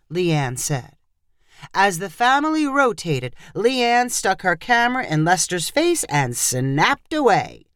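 A woman narrating a scripted story in an expressive storyteller manner. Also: lowish voice, a little slow, no echo, studio quality.

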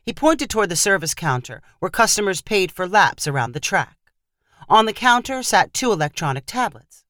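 A woman's voice: medium pitch, normal speed, no room sound. Woman narrating a story, dry close sound. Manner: steady storytelling read. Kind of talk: scripted narration.

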